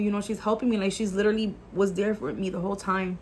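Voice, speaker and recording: A woman's voice: medium pitch, steady tone, fast, slight background noise. Earnest woman sharing a faith testimony. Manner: earnest and emotional, many "like" fillers; mixes in Spanish phrases. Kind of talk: casual testimony storytelling.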